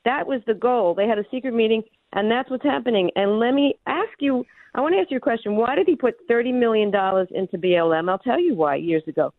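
A woman's voice: a little high, expressive, fast talker, few pauses, dry recording. Breathless woman caller on a phone line. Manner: rambling, emphatic.

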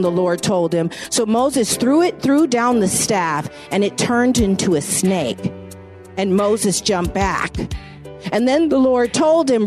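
A woman's voice: mid-range voice, lively intonation, slow pace, a little mellow, faint music behind. A woman radio host preaching a sermon, retelling scripture and putting rhetorical questions to her listeners with emphatic rises.

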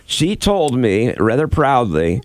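A man's voice: medium pitch, sing-song, takes it slowly, no echo. A man co-hosting a morning radio show, explaining things patiently in easygoing banter.

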